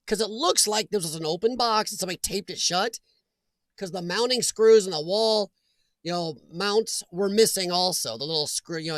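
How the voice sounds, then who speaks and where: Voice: mid-range voice, fairly bright tone. A chatty host running a casual livestream from home, often breaking into laughter while greeting viewers by name. The voice sits mid-range and sounds dry and close, with no room echo.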